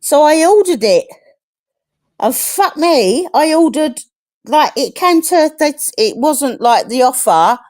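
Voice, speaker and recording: A woman's voice: sits high, expressive, slow, a little mellow. A middle-aged woman from England in casual chat on a live stream, frank and chatty, swearing freely.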